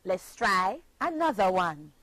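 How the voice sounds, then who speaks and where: A woman teaching a televised lesson for children, speaking deliberately, repeating each line like a drill and spelling words out letter by letter. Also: mid-range voice, very animated, a bit bright, no room sound. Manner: addresses children as boys and girls.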